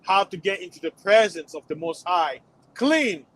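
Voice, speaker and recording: A man's voice: sits high, lively intonation, moderate pace, a bit bright, low-quality recording. A man delivering a preachy religious warning monologue to his channel, repeating himself and rising to emphatic peaks. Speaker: channel host.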